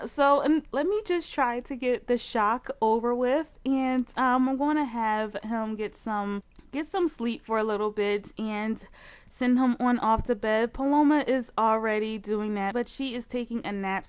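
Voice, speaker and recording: A woman with a high voice commenting on her own gameplay in a let's play. She is excitable and full of exclamations, with "like" in nearly every sentence. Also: clear, resonant tone. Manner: excitable, exclaiming, heavy use of "like". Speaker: gaming channel host.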